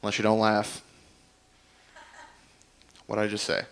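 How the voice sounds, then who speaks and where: A man doing a dry, deadpan, self-mocking stand-up set on a comedy club stage. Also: on the low side, a little slow, creaky, smooth.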